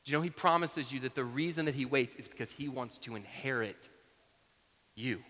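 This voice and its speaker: A man's voice: medium pitch, fairly quick, fairly bright tone. A man in his thirties preaching a sermon, telling a family story in a conversational way with frequent asides. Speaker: pastor. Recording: long reverb from a large hall.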